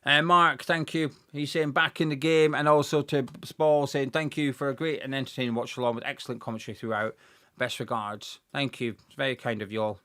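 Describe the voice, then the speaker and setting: A young man hosting a live football watch-along, chatting excitedly and reading out viewers' messages. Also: mid-range voice, a little fast. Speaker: fan channel host.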